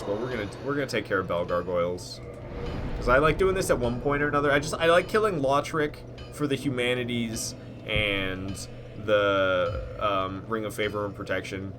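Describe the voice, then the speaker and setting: A man's voice: fairly low pitch, background noise. A man giving rambling live commentary as he plays a game, talking to himself and cursing at his own mistakes. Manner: rambling, self-critical, swears when frustrated. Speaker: gameplay streamer.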